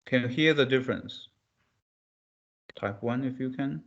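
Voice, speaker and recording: Slow, deliberate male language teacher. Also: fairly bright tone, muffled recording. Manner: slow and deliberate, repeating syllables with pitched emphasis. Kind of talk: online pronunciation lesson.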